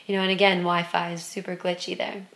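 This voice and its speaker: A woman telling a personal spiritual story in an expressive way, moving from excited loudness to hushed softness. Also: fairly low pitch, fast talker.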